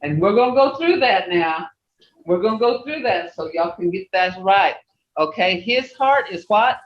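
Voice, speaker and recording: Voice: medium pitch, animated, moderate pace. A language teacher leading an online class, patiently repeating words and checking that everyone follows. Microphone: video call. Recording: echoey, muffled video call audio.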